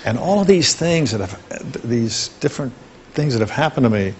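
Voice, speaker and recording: An older man, a talk show guest, reminiscing fondly and at an unhurried pace about his past. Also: mid-range voice, animated, a little mellow, highs cut off, a little hiss or hum.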